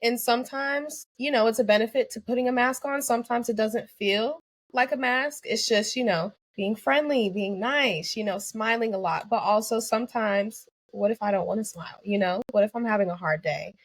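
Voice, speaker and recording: A woman's voice: on the high side, moderate pace, dry recording. A young woman, an anesthesia student guest on a podcast, speaking in an earnest, reflective way with many "you know" fillers. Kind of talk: podcast interview.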